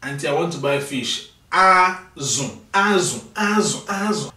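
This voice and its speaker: This tired language teacher has a highish, expressive, bright voice with a forceful edge. He says each vocabulary word slowly so viewers can copy the pronunciation, chatting casually between drills. The distant mic picks him up in an echoey room.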